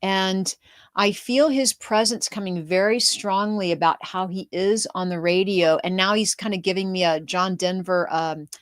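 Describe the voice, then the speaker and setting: A woman's voice: medium pitch, normal speed, no echo, clean studio sound. A middle-aged woman hosting a show, giving spirit readings in an earnest, flowing, reassuring way. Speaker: psychic medium host.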